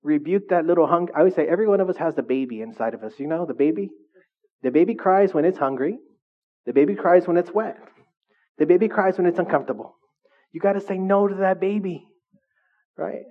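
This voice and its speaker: Captured on a dull, lo-fi recording, a male pastor preaches in a conversational style and keeps checking in with the people listening. His voice sits high and moves a little fast.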